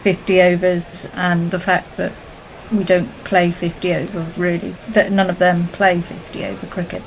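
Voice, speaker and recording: A woman's voice: on the low side, flat delivery, moderate pace, slight background noise, poor audio. A woman co-commentating on cricket in a chatty way, asking questions and trading quips. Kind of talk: casual commentary chat.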